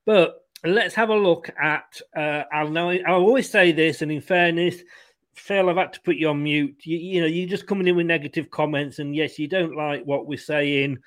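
A man hosting a casual live fan stream, chatting quickly and reading out viewer comments. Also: a little high, steady tone, fairly bright tone. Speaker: fan channel host.

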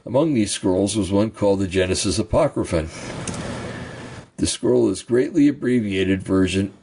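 A man teaching from ancient texts, reading passages slowly and breaking off for casual comments and throat-clearing. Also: lowish voice, warm tone, slight background noise. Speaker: bible teacher. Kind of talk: reading scripture and commentary, informal asides.

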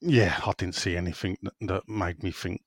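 A man's voice: low voice, moderate pace, dry recording. A man hosting a football podcast, reading out listener messages in a jokey, laughing way. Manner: jokey, laughs often, lively. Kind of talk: casual chat.

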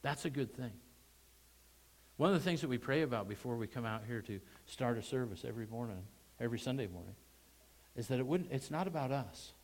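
Male pastor preaching a sermon, chatty tone, sudden loud emphatic rises, questions to the congregation. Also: mid-range voice, expressive, fairly quick, low-quality recording. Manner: conversational, asks the congregation questions.

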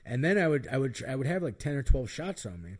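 A man's voice: medium pitch, sing-song, fast. A middle-aged man telling candid, self-mocking stories in casual chat, rambling with lots of fillers. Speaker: podcast guest storyteller.

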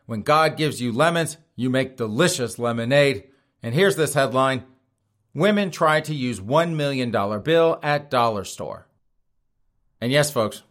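A man's voice: mid-range voice, a bit bright. A man hosting a comedic news show, reading stories and joking about them while addressing his audience directly.

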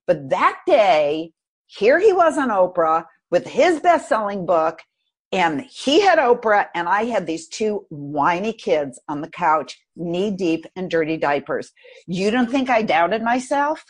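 A woman guest on a podcast, telling a personal story in an animated, expressive way. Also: on the low side, measured pace, breathy edge.

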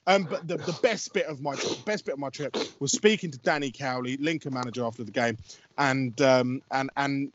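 A football radio commentator with a cold tells a story during casual podcast chat, rambling, laughing, swearing, and restarting often. His mid-range voice is fairly quick, and the lo-fi audio sounds dull.

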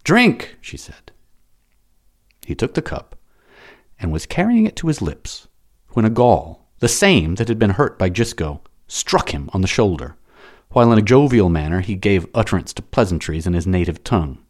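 A man reading a novel aloud as an audiobook narrator, dramatic and expressive. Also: low-pitched, normal speed.

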